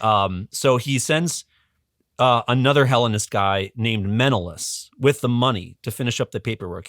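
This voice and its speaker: Male podcast guest, lively casual storyteller with chuckles and restarts, mid-pitch voice. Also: moderate pace, no echo, clean studio sound. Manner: animated, chuckling, many restarts. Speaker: guest educator.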